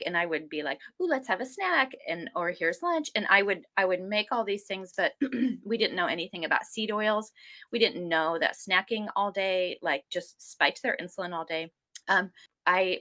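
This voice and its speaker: A woman in her forties telling her health story in a casual interview, rambling and acting out what others said to her. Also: lowish voice. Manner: rambling, animated, acts out quoted people.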